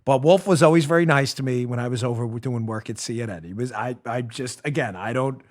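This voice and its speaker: A man's voice: mid-range voice, fairly quick. A man hosting a political commentary show, ranting in a sarcastic, mocking way. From New York. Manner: sarcastic, mocking, animated rant. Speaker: host.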